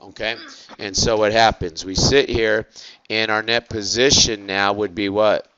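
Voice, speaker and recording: A man teaching an accounting lecture, asking the class quick rhetorical questions and stretching out key words. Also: on the low side, fairly even intonation, sharp tone, smooth, lo-fi sound.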